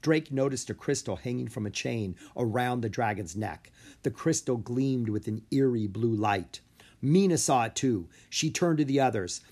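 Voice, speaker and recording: A man narrating a children's book aloud in an expressive storytelling way. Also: mid-range voice, normal speed. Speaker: audiobook reader.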